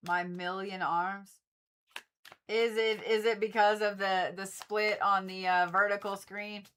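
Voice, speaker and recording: A woman's voice: medium pitch, little pitch movement, measured pace, a bit bright, slight background noise. A woman hosting a livestream, chatting casually and repetitively with viewers and swearing freely. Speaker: livestream host reading zodiac forecasts.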